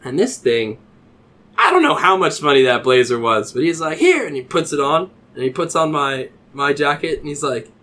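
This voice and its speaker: A man's voice: fairly high pitch, animated, normal speed, sharp tone. A man in his thirties, a podcast host telling a rambling drinking anecdote with lots of swearing and fillers. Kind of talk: casual storytelling.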